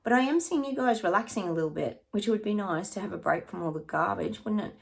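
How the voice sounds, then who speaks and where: A woman's voice: medium pitch, animated, quick pace, creaky. A woman psychic chatting through her predictions in a rambling, casual way, sometimes dropping to a near-whisper.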